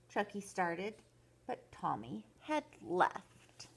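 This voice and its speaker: Slow, breathy older woman reading a bedtime story. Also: lowish voice. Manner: slow, expressive, sing-song. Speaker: grandmother storyteller. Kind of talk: reading a picture book aloud to children.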